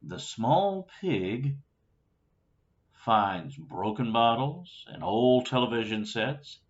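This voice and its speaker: A man reading a children's story aloud, with lively storytelling and little asides, on a dull lo-fi recording. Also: medium pitch, slow. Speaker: storybook reader.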